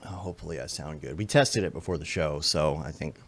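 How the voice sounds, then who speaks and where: A man's voice: a bass voice, brisk. A man hosting a podcast livestream, chatting casually and greeting listeners by name in a playful, upbeat way. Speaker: podcast host. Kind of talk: casual pre-show chat on a livestream. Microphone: remote call setup.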